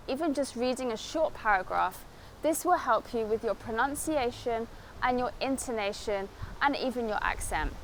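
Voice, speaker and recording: A fairly high-voiced woman with an estuary London accent gives an English lesson straight to camera, speaking clearly and deliberately. She is recorded outdoors, with faint ambient noise behind her. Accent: South East England estuary London. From England. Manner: clear, deliberate teaching delivery. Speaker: English teacher. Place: outdoors in a city.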